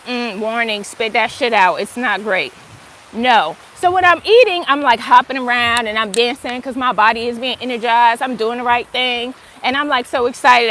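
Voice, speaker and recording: A woman's voice: high-pitched, a bit bright, slight background noise. A middle-aged woman giving a casual, emphatic motivational talk about gratitude, swearing freely and stretching her words for stress. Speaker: spiritual motivational speaker.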